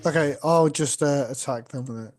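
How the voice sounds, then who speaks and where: A man's voice: on the high side, moderate pace. A man playing a tabletop game, casual and self-deprecating about his dice rolls. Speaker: player. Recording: faint guitar music behind.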